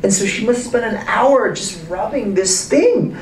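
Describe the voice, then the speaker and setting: Animated man at a distant roomy mic. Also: fairly quick. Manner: emphatic, full of rhetorical questions, wide pitch swings. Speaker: guest speaker in a public conversation. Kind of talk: animated talk to a live audience. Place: arts center event space. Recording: roomy and distant with faint noise.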